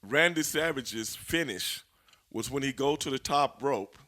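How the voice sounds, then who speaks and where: A former pro wrestler, a man, spins backstage stories in a loose, profane interview style. His voice is bright and forward, and his pitch swings widely as he gets worked up and laughs through his telling. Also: a little slow. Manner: animated, profane, laughing storyteller. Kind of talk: casual storytelling interview.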